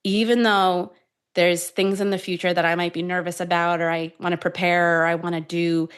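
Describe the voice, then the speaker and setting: A woman in her thirties who is a tapping expert, guiding a calm tapping sequence and then telling stories in an animated, conversational way. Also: on the low side, moderate pace, clean tone. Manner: calm, soothing guidance shifting to animated storytelling. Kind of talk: guided tapping and conversational chat.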